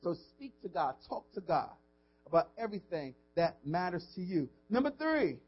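High-voiced preaching pastor, lo-fi. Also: male voice, sing-song, moderate pace, husky, faint music behind. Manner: preaching with rising and falling intensity, call-and-response asides. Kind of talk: sermon. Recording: dull lo-fi audio.

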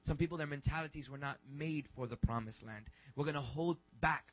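A young male pastor preaches with a fairly high voice, talking casually and rambling before building into shouted emphasis. The recording is dull and muffled, like lo-fi church audio. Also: fairly quick. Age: 20s. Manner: conversational, rambling, rising to shouts. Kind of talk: sermon.

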